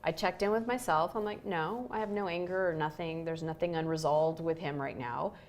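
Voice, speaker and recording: A woman's voice: low-pitched, a little fast, slight background noise. A woman co-hosting a relationship show, telling a story candidly and acting out quoted lines with animation.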